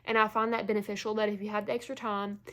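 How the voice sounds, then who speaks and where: A woman's voice: medium pitch, level tone, fast, fairly bright tone. A woman beauty vlogger chatting casually through a makeup tutorial, stuffy and a bit out of breath from allergies, full of "like" and "um". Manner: chatty, filler-heavy, lots of "like" and "um".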